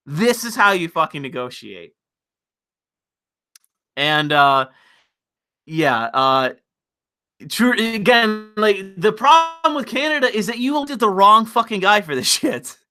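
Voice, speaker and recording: A man's voice: high-pitched, big pitch swings, takes it slowly, long pauses, pushed and bright. A man hosting a livestream, ranting casually in a profane, rambling, mocking way. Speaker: livestream host.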